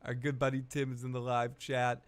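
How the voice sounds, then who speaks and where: Hosting a live television recap show, a man retells scenes with crude jokes and rambling asides in casual commentary. His mid-range voice is monotone, fairly quick, clear, and resonant.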